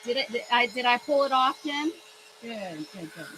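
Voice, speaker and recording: Working on an art journal page on a casual live stream, a woman talks playfully with her viewers, joking and exclaiming while responding to the chat. Her voice is a little high and animated, her pace moderate, and there's background noise.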